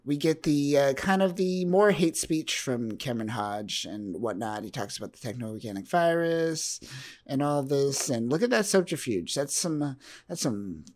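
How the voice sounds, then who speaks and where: A man casually recapping a comic book on a podcast, halting with fillers and acting out the characters' lines. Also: mid-range voice. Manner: relaxed, halting, many fillers, acts out quoted characters. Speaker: podcast co-host.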